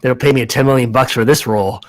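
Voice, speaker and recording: A man voicing a smug young male movie star, with deadpan jokes. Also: mid-range voice, fast, no room sound, lightly acted.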